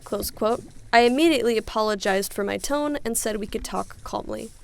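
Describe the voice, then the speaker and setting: Gravelly-voiced young woman reading stories. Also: fairly high pitch, fairly quick. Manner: expressive, reads punctuation aloud, reacts with sighs. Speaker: reddit story reader. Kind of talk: reading reddit stories aloud with commentary.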